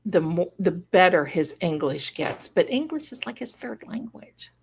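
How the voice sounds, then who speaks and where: A woman's voice: lowish voice, lively intonation, unhurried, vocal fry, darkish tone, slight background noise. A middle-aged woman hosting a casual live stream, chatting with viewers in a rambling way and breaking into song and laughter. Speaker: livestream host.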